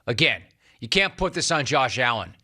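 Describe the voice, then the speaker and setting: A man's voice: medium pitch, very animated, moderate pace, sharp tone, slight background noise. A middle-aged man hosting a sports talk show, delivering an emphatic, sarcastic monologue and repeating lines for punch. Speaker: sports radio host.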